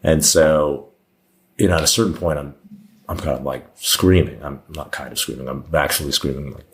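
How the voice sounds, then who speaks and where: A man's voice: rumbling low, fairly even intonation, moderate pace. A man in his thirties, a podcast guest, telling a personal story in a candid, rambling way with many fillers and restarts. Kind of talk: storytelling in casual conversation.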